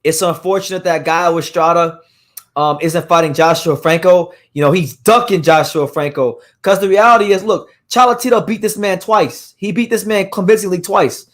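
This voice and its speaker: A hoarse man hosting a live boxing news show, talking casually and rambling with frequent restarts and fillers. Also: sits high, normal speed. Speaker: boxing podcast host.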